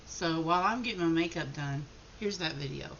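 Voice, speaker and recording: A woman's voice: sits low, fairly quick. A woman chatting casually on her vlog from home. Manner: relaxed, chatty. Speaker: vlogger. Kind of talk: casual chat. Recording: gravelly, dull lo-fi sound with clear background noise and clicks.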